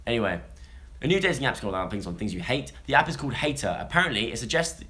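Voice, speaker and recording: Young male vlogger, bright and forward tone, chatty and jokey, prone to tangents. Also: mid-range voice, sing-song, quick pace. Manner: chatty, jokey, rambling asides. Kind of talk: casual chat, reading news stories to a live audience.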